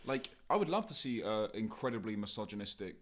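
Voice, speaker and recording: A man's voice: fairly low pitch, big pitch swings, fast. A young man, co-hosting a casual chat, talking animatedly and swearing freely while mimicking other people. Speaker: podcast co-host.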